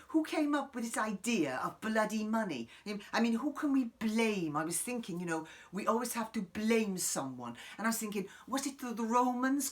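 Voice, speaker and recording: In an improvised comic monologue to camera, a man with a high-pitched voice plays an eccentric middle-aged woman guru. He rambles, swears, and wanders, lurching from sudden loud outbursts into hushed asides.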